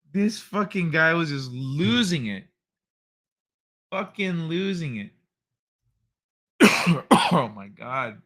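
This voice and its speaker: A man's voice: a little high, animated, slow, a bit bright. A man hosting a casual late-night reaction show, laid-back, laughing often and swearing freely. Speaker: host.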